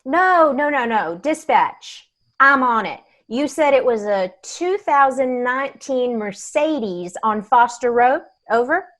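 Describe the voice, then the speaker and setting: A woman's voice: sits high, animated, fairly bright tone, exaggerated voice. A weary young tow truck driver, played by a woman who talks in a wry, confiding way. She is worn down but still spirited. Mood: mock-official. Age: young adult. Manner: wry, confiding, quick to laugh. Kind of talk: audio drama acting.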